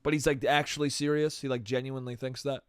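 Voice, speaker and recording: A man's voice: mid-range voice, flat delivery, fast, smooth. A man hosting a solo comedy podcast, rambling casually and swearing, with "dude" and "bro" at the end of his sentences. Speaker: podcast host.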